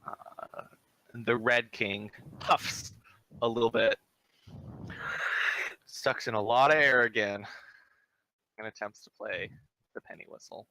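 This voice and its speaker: A man running a tabletop game as game master, describing scenes in relaxed narration with fillers. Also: on the low side, slow, long pauses, no echo, rough recording.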